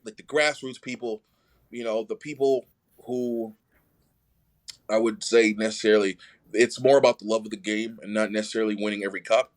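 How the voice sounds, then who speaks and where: A man telling a story in casual conversation as a podcast guest, acting out the voices of people he quotes. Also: lowish voice. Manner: animated, acts out quoted voices.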